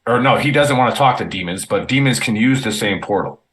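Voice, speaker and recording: A man with a bright, forceful voice tells army stories on a podcast. His delivery is loose and rambling, full of swearing, false starts and filler words. His pitch sits at an ordinary middle level for a man. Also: animated, brisk. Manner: rambling, profane, many fillers and restarts. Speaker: army veteran telling war stories. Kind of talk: casual podcast storytelling.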